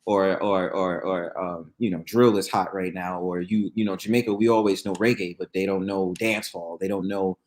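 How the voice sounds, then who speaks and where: A man hosting a casual talk show, telling stories in lively, slangy speech and laughing often. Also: low voice, moderate pace, hardly any pauses. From New York. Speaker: podcast host. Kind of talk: casual chat.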